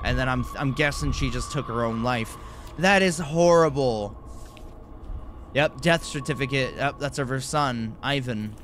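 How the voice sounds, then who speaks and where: A man's voice: medium pitch, a little slow, fairly bright tone, a little hiss or hum. A man giving nervous, jumpy commentary while playing a horror game, with frequent exclamations. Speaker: gaming YouTuber.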